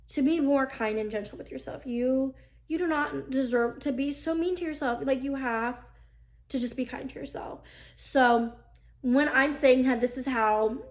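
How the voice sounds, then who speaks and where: A young woman hosting an advice podcast, talking casually and earnestly, with lots of fillers. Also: on the high side.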